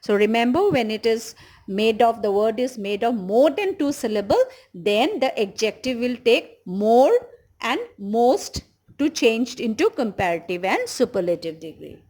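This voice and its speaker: A woman teaching an English grammar lesson with an Indian English accent, explaining patiently and slowly repeating key words. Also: a little high, expressive, darkish tone, poor audio.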